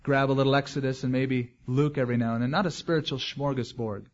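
A man's voice: medium pitch, fairly even intonation, quick pace, highs cut off. A man as pastor, preaching a verse-by-verse expository sermon in a conversational way with joking asides.

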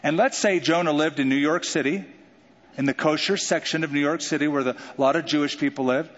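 A man preaching a sermon in an animated way, joking and acting out quotes. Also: a little high, brisk. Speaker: pastor. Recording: dull sound with long hall reverb.

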